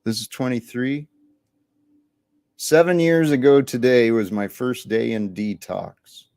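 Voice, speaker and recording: A man's voice: mid-range voice, measured pace, darkish tone, no echo. A man hosting a live panel chat, talking in an earnest, reflective way and laughing easily.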